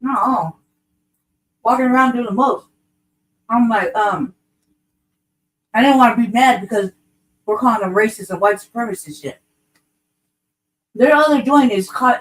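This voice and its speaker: A woman co-hosting a casual podcast discussion, ranting bluntly with profane street slang. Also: a little high. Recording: voice distant from the mic.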